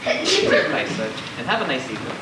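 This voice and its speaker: On a school stage, a young man plays a scheming con man who stages drownings for money, haggling theatrically and shouting for help. His pitch swoops wildly at a slightly fast pace, and the echoey stage is heard from far off with hiss.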